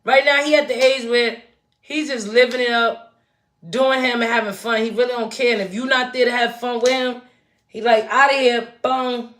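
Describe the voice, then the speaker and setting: A woman's voice: a little high, steady tone, normal speed, fairly bright tone. A woman in her forties, hosting a casual livestream chat, talking straight to her viewers in a chatty, emphatic way. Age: 40s. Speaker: livestream host.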